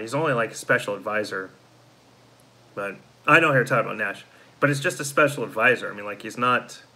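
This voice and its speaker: A man with a strikingly bright, sharp tone hosts a casual live stream. He talks in a worn-out, deflated way, reading viewer comments aloud and answering each one. His pitch sits in the middle. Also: low-quality recording. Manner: frustrated, deflated fan talk. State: tired, yawning. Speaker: host of a live fan show.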